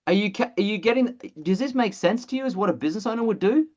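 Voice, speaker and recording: Blunt, excitable trainer voice, mid pitch, muffled video-call audio, casual swearing. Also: fast. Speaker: presenter of an online training call. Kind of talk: energetic sales training webinar.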